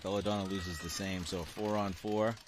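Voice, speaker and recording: A man's voice: low voice, steady tone, moderate pace, background noise. A middle-aged man with a Boston accent doing live sports commentary, explaining tactics as the play unfolds.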